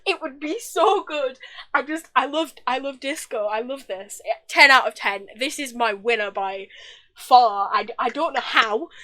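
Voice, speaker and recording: A woman's voice: a little high, fairly bright tone. A woman co-hosting a casual podcast, talking in a gushing, effusive way. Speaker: podcast co-host. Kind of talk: casual chat.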